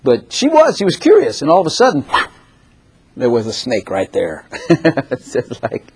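A man preaching a sermon in a lively, animated way, often laughing and acting out the voices of the people in the story. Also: mid-range voice, moderate pace, slight background noise.

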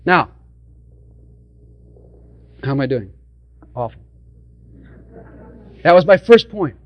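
A high-voiced man preaching a sermon. He is emphatic and direct with his congregation and hammers his points home through repetition. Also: expressive, takes it slowly, highs cut off, slight background noise.

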